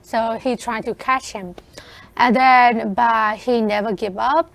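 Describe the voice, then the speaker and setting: Woman cohost on radio kinda high voice, bit of fry, keeps going you know like. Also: fairly even intonation, fairly bright tone, no echo. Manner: hesitant, halting, lots of "you know" and "like". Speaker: radio co-host. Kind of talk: casual film review chat.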